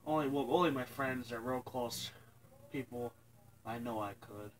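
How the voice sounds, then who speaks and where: A young man telling a painful personal story to his viewers, halting and tearful, pausing and restarting as he cries. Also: medium pitch, a little hiss or hum, low-quality recording. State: crying. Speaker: vlogger. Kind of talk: emotional personal story to camera.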